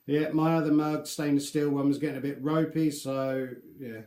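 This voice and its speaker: A man's voice: fairly high pitch, level tone, moderate pace, mellow. A man chatting casually through a beard product review, rambling and joking about himself. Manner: chatty, rambling, self-deprecating. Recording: echoey room.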